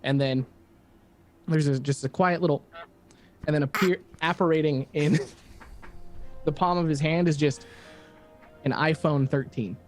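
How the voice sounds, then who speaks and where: A man's voice: on the high side, fairly even intonation, unhurried, long pauses, soft background music. A man narrating as game master in an easygoing, casual way, with fillers along the way.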